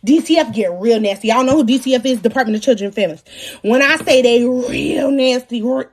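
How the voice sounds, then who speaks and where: A young woman spins a wild personal story for her viewers, her voice sitting high and bright. She talks dramatically, laughing as she goes and lurching between loud outbursts and hushed asides. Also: expressive, fairly quick. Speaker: podcast host telling her story.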